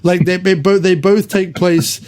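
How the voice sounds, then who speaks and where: A man hosting a podcast, reviewing an old movie in casual chat, rambling with lots of ums and quick laughs. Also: high-pitched, fairly even intonation, darkish tone. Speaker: podcast host.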